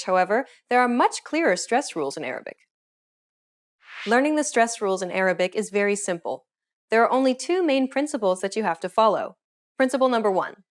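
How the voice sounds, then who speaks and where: Woman narrating a pronunciation lesson. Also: a little high. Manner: clear, explanatory, measured. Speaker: pronunciation teacher. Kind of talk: scripted instructional narration.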